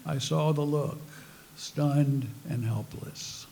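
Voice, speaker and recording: A man's voice: a little high, slow, creaky, mellow. An older man, a former priest, giving a talk to a spiritual group, telling personal stories with self-mocking humor. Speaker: speaker.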